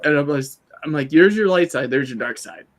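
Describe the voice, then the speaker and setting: Animated man telling stories in casual chat. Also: on the high side, fairly quick. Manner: animated storyteller, quotes people in put-on asides. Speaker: co-host.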